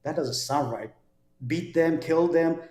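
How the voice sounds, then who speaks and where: Taking his time, a New Jersey man with a high-leaning, darkish voice gives his conversion testimony as a guest. He speaks earnestly and conversationally, repeating words when he restarts, against a roomy echo.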